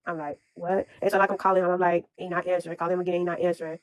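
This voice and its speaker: A young woman telling a story in a blunt, profane, animated way, in casual chat. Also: fairly low pitch, rapid-fire, no room sound. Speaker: storyteller host.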